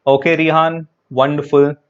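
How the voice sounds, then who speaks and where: A man with a fairly high voice teaches an online grammar lesson in a chatty, repetitive way and talks directly to his viewers. The audio is dull and lo-fi. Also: little pitch movement, normal speed, clear, resonant tone.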